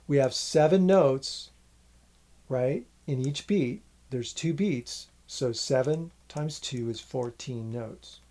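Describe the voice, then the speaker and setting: Relaxed man teaching rhythm, mellow voice. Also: medium pitch. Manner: counts rhythms aloud while playing; relaxed, apologetic asides. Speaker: music teacher. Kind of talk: casual instructional talk.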